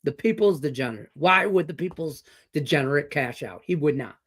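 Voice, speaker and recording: Brisk, expressive, and a bit bright, the fairly high-pitched voice belongs to a middle-aged Detroit man hosting a sports betting show. He rambles through a profane story full of fillers amid casual talk and betting picks.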